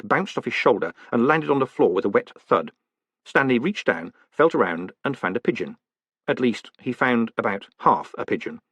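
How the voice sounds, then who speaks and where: A man reading a fantasy novel aloud as an audiobook, with expressive, wry storytelling. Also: medium pitch, breathy edge, dry recording. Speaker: audiobook narrator. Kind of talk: audiobook narration.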